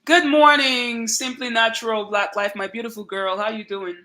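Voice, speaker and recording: A woman with a Nigerian accent hosting a casual livestream, greeting viewers by name in an emphatic, lively way. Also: mid-range voice, brisk. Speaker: channel host.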